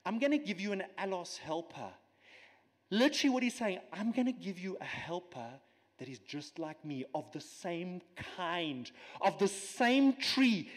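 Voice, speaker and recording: A man giving a sermon as a guest preacher, animated and teaching with everyday examples and asides. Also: sits high, unhurried, big-room sound. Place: church.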